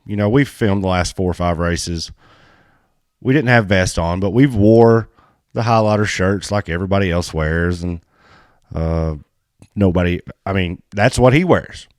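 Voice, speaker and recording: A man co-hosting a casual podcast, telling a story in a blunt, animated way and swearing freely. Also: low voice, moderate pace, no room sound, studio quality. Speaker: podcast co-host and race filmer.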